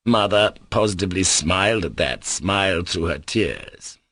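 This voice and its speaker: A man narrating an audiobook in a measured, slow and solemn way. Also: low voice, lively intonation, a bit bright, no room sound.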